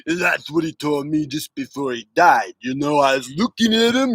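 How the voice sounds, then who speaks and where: Gravelly, bright-voiced man chatting. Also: on the high side, very animated, moderate pace, few pauses, no echo, low-quality recording. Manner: rambling, jokey, reads viewer comments. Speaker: streamer. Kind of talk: casual livestream chat.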